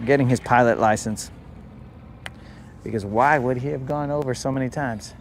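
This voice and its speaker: A man's voice: medium pitch, fairly even intonation, moderate pace, gravelly, pauses often, slight background noise. A man hosting a live fishing stream from a boat, joking with viewers and muttering to himself as he fishes. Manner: joking, teasing chat, talking to himself. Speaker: fishing livestream host. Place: outdoors on a boat on a lake.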